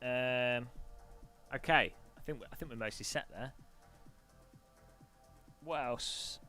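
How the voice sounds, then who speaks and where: A man's voice: medium pitch, slow, sharp tone, soft background music. A man streaming a racing game, talking to himself in a goofy, playful way. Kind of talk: casual live stream chat.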